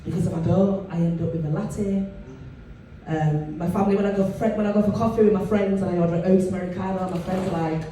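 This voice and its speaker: This northern English woman with a Leeds accent talks fast in a low register, delivering an animated, filler-heavy stand-up routine. The club audio is echoey, distant and carries room noise.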